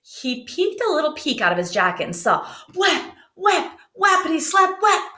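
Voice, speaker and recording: Woman teacher reading a kids book out loud, asks the kids questions, echoey room. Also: a little high. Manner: gentle, asks children questions. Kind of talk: reading a picture book aloud to children. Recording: roomy echo.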